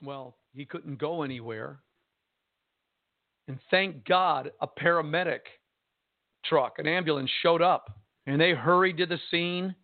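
A man's voice: high voice, dry recording. Impassioned male pastor over a phone line. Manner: impassioned, slow emphatic preaching with dramatic repetition. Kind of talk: sermon on radio broadcast. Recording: tinny phone-line broadcast.

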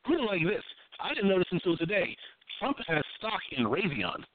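A man's voice: high-pitched, sing-song, moderate pace, dry recording. Blunt, profane man with a tinny sound. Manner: profane, blunt, repeats himself while building a point. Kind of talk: casual political commentary. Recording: thin phone-like dry sound.

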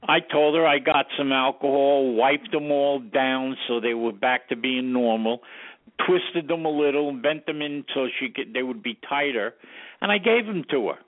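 An older man, a guest sound engineer, telling an animated anecdote and acting out the lines he quotes. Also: medium pitch, normal speed, no echo. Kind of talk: storytelling anecdote. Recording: tinny phone line, dry.

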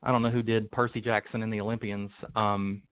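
A man's voice: fairly low pitch, little pitch movement, a little fast, clean tone, dry recording. A man with a North Carolina accent answering interview questions as a guest, hesitant with many fillers. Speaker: guest, priest. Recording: tinny phone-line sound.

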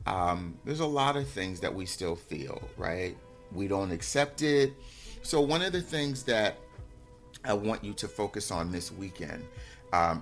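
Man, life coach, low voice, gentle reflective motivational talk, faint background music. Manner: gentle, reflective, peppered with "right?". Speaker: life coach and show host.

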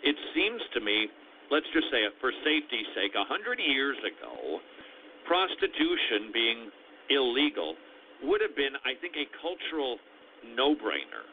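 A man's voice: medium pitch, wildly swooping pitch, unhurried. Guy hosting talk radio, lots of ups and downs in his voice, tinny lo-fi sound with faint hiss. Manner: thinks aloud, acts out imagined quotes. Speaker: radio talk show host. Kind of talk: conversational radio commentary. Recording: tinny phone-like radio audio with faint noise.

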